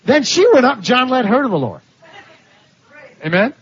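At normal speed, a man with a very high, sing-song voice and a breathy edge preaches through stories. He laughs and imitates the voices of the people in them, captured on a dull, lo-fi sermon recording.

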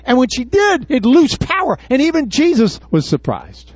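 A man preaching to his congregation in a high voice, tossing out questions and acting out Bible scenes. The sound is dry and a little dull. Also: wildly swooping pitch, moderate pace, no echo. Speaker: pastor. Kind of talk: sermon. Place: church before a congregation.

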